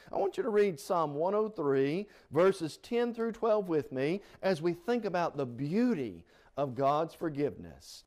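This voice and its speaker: A man preaching a Bible study sermon in a church, quoting scripture emphatically and rising in pitch on the key words. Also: darkish tone. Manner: rises in pitch and force on scripture quotes, emphatic.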